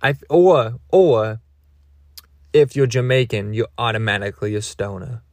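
A man's voice: medium pitch, a little slow, no room sound. A young man hosting a podcast, telling a meandering comic story with lots of restarts and jokes at his own expense. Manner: meandering, self-mocking, full of restarts. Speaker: podcast host. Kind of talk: rambling comedic storytelling.

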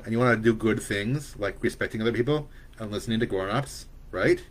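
A man reading the part of a worried, loving young mother who speaks gently but firmly to her son. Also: on the low side, a little fast, lightly acted. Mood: firm, gentle.

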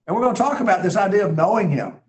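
A man's voice: high voice, lively intonation, very fast, low-quality recording. A man teaching a Bible class in a conversational way, earnest and emphatic, thinking aloud as he reads scripture.

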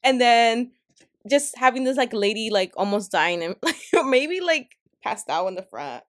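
Young woman gossiping on a podcast, high-ish voice, all over the place pitch-wise. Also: moderate pace. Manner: animated storytelling, acts out quoted people. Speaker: podcast co-host. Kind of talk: casual chat.

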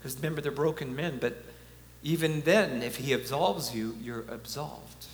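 Man preaching, slow and bright, chatty w/ little laughs, big echoey hall w/ a faint hum. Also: mid-range voice. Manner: earnest and conversational, with chuckles. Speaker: conference speaker. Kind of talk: preaching talk.

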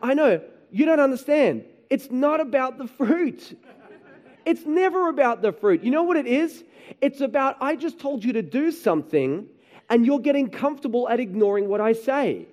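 A man preaching a sermon, telling animated stories about his children and often asking the room "right?". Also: very high voice, normal speed. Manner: animated storytelling, acts out his kids and himself, frequent "right?". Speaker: pastor.

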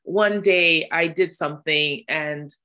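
A woman hosting a podcast interview in a casual chat, quick to laugh. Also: low voice, sharp tone. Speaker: podcast host.

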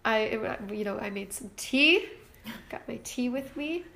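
A woman's voice: a little high, lively intonation, measured pace, creaky, bright, forceful tone. A woman co-hosting a casual podcast, her voice nasal and congested from allergies, laughing often and swearing casually. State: stuffy from allergies. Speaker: podcast co-host. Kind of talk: casual chat. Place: home room with her sisters.

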